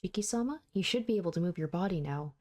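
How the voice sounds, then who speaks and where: A woman's voice: on the low side, lively intonation, fast talker, a little mellow. A woman voicing a young female maid who speaks in a polite, formal, pleading way.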